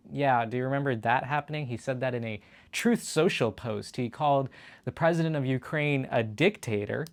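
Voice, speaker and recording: Chatty male host of a political show. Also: mid-range voice. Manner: conversational, with frequent fillers and restarts. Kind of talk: casual political news commentary.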